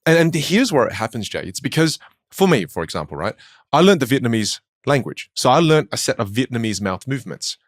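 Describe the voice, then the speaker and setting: Speaking briskly in a mid-range voice, this Australian man, a communication coach, tells stories in a conversational interview, animating them with put-on voices. It's a studio-quality recording without any room sound.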